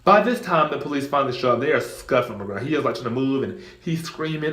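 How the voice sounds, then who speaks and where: A young man, casually telling a storytime tale, acting out voices in high squeals. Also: big pitch swings, quick pace, hardly any pauses, fairly bright tone, echoey room.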